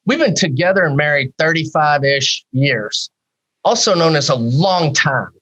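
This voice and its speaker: A man in his fifties, a psychologist guest in a podcast interview, talking in a candid, animated way with many rhetorical questions. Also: a little high, a little slow, low-quality recording.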